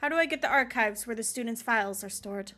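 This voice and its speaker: A woman's voice: fairly high pitch, quick pace, pushed and bright, faint music behind. A woman reading the lines of a new assistant lecturer aloud from a game, in her own voice. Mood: matter-of-fact.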